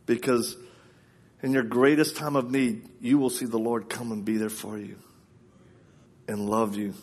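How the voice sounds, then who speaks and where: Speaking at medium pitch and a slightly slow pace, a man delivers a live sermon. He laughs his way through personal anecdotes, acts out what people said, then turns to urge his listeners directly.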